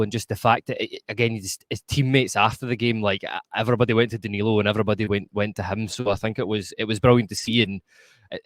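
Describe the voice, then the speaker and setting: A Scottish man with a somewhat low voice gives blunt, emphatic opinions on a football match and trips over his words as he goes. The sound is dry and close to the mic. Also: no room sound. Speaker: podcast co-host. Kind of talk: post-match football reaction chat.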